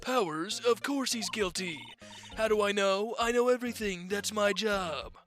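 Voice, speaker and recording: A man's voice: high-pitched, normal speed, a bit bright, soft background music. A man voicing a grumpy, nagging old woman who guards a studio gate, reading a game aloud. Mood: gossiping. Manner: nagging, scolding, rambling.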